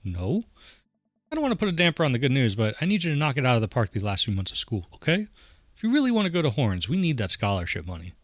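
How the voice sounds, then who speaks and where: A man's voice: medium pitch, quick pace, dry recording, clean studio sound. A man hosting a playthrough, reading the dialogue of a dad dating game with jokey asides. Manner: animated, jokey, voices the player dad with warmth. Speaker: let's play host.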